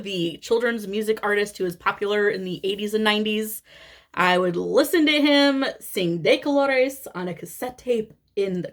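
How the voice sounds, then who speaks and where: A woman in her thirties with a Midwestern American accent, chatting candidly and casually as a cross-stitch vlogger. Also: mid-range voice. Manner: chatty, candid, sprinkles in swearing and laughter. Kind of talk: casual chat.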